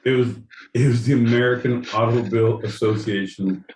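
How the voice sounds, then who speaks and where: A man co-hosting a podcast, trading crude comedic banter and breaking into loud, goofy bits. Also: medium pitch, fairly even intonation, a little fast, recorded from a distance. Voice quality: loud, joking, swings into goofy shouted bits. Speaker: podcast co-host. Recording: echoey room with faint noise.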